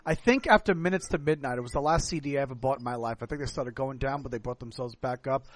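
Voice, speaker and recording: A man's voice: mid-range voice, quick pace, no echo. A man from the United States hosting a podcast, tipsy and long-winded, rambling in casual chat. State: tipsy from drinking. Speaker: podcast host.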